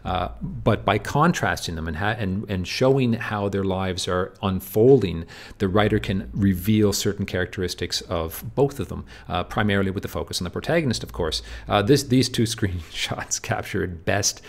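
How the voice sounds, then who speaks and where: A man's voice: sits low, moderate pace. A man teaching literature over slides, often asking "do you see?" between points, with many fillers and restarts.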